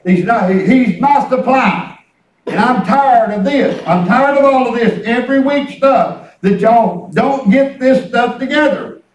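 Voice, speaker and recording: Older preacher with a drawl. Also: male voice, a little slow, slight background noise. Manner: folksy storytelling, drops to low mutters for asides. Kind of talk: sermon. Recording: roomy church from far off.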